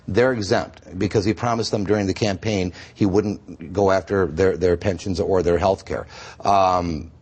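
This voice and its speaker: A low-voiced man with a slightly husky tone argues his case earnestly as a guest on a morning news show. He speaks emphatically, pressing his points one after another, clearly picked up by a clip-on mic in a studio. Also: steady tone, normal speed, a little mellow. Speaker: state senator, guest. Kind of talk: TV news interview.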